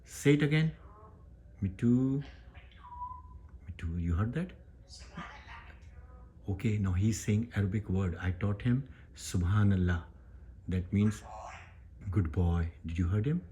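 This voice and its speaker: A man from Pakistan with a Pakistani accent, hosting a casual home vlog in halting English full of fillers and restarts. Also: low voice, warm tone, slight background noise. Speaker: YouTube channel host.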